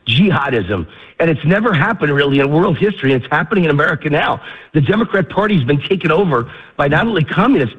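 A high-voiced, breathy man rants emphatically down a tinny phone line. He is out of breath from walking his dog in a park, and his voice climbs as he hammers his points. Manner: emphatic, ranting, rising pitch on repeated points. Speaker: radio show guest. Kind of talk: heated political phone interview. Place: outdoors in a park.

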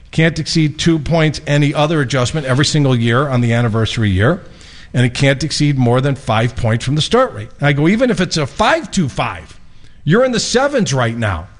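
A man hosting a radio show, casually telling a lively story and acting out both sides of the conversation. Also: a little high. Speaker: radio show host and mortgage lender.

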